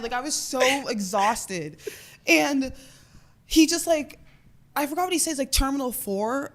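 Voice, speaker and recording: A woman's voice: a little high, fairly quick, fairly bright tone. A woman in her twenties co-hosting a podcast, telling a long story in casual chat, swearing and saying "like" a lot. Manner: chatty storytelling, swears often, says "like" a lot. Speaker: podcast co-host.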